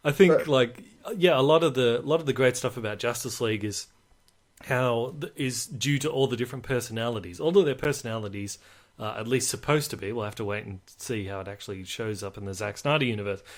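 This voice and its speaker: Brief: man, podcast co-host, animated casual film talk, mid-pitched. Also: fairly quick. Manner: chatty, animated, mocking.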